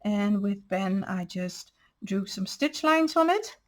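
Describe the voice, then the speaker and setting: Slow-talking woman showing her crafts. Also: mid-range voice, lively intonation. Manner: patient step-by-step explaining, holding up each piece. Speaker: craft channel host. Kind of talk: crafting show-and-tell.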